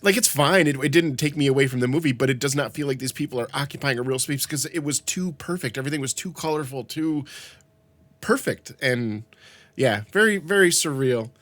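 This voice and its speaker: Animated podcast host, dry close sound. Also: male voice, medium pitch, fairly quick, no room sound. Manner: animated storyteller who swears. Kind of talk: casual chat.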